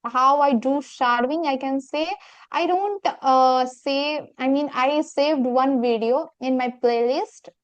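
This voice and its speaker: A woman's voice: high voice, takes it slowly, dry recording. A woman in a casual English practice chat, earnest and talking in long searching sentences. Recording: dull, muffled sound.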